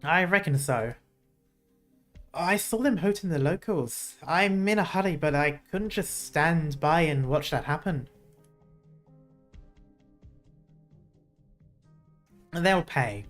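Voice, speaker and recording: A woman doing a gruff soldier girl with a mock Scottish twang. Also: low voice, lively intonation, unhurried, soft background music. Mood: determined. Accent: loose put-on Scottish mix. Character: brash young woman soldier with a rough twang. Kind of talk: reading game dialogue aloud.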